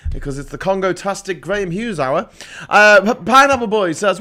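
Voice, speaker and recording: Brief: middle-aged English livestream host, slightly higher voice, sarcastic, sweary, laughs at his own jokes. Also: animated, normal speed, pushed and bright. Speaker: livestream host reading viewer comments. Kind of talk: casual ranting live chat.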